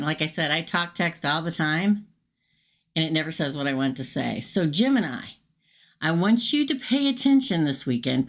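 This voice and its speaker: A middle-aged woman hosts a casual tarot reading live, talking straight to her viewers in a chatty, upfront way. Her voice sits fairly low but swings widely in pitch. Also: fairly bright tone. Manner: chatty, upfront, talks straight to viewers and reads chat aloud. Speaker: tarot reader hosting a livestream.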